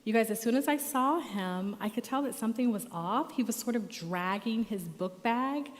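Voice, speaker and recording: A middle-aged woman therapist telling a lively story as guest speaker at a church. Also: on the high side, moderate pace. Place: church auditorium. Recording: long reverb of a church hall.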